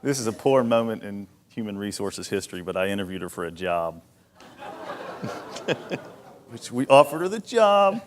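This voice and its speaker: A man's voice: fairly low pitch, very animated, moderate pace, pauses often, noisy background. A man as a talk-show guest telling a self-deprecating story, acting out his own lines. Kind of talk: storytelling interview. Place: church event stage.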